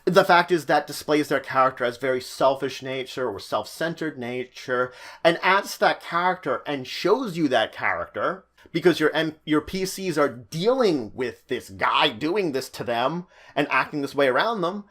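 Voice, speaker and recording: A man giving animated, stop-start advice on running a tabletop game as dungeon master. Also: on the high side, a little slow. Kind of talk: tutorial talk.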